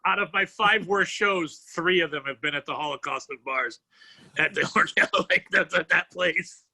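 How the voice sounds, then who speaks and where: Comedian guest, really bright high voice, rambly and laughing, dry sound. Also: male voice, normal speed, dry recording, rough recording. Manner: rambling, laughs easily, swears. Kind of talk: casual comedic chat.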